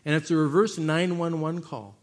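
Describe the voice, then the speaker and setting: Man, pastor giving a sermon; slightly raised pitch, big reverberant hall, lively storyteller who drops to a hush. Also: normal speed. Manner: animated storytelling, shifting between loud and hushed.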